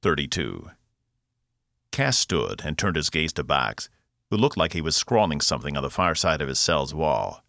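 Man, deep voice, gravelly, very animated, dry close recording, audiobook narration. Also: dry recording. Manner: expressive, voices all characters. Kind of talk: scripted narration.

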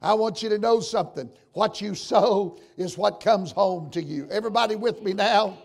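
An older man preaching a sermon and telling stories, dropping to a hush and rising to shouts. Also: sits high, moderate pace, gravelly. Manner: storytelling preacher, swings from hushed to shouting. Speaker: pastor.

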